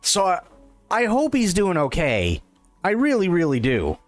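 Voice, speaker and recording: A man's voice: high-pitched, huge pitch swings, a little slow, no room sound, soft background music. A man hosting a livestream, giving casual reaction commentary, repeating himself and stumbling over restarts. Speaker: livestream host reacting to an interview.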